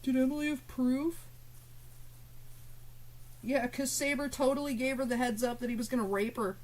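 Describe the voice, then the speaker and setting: A woman's voice: sits high, fairly even intonation, normal speed, a little mellow, rough recording. A woman streamer ranting live at her chat, swearing and confrontational, with biting sarcasm.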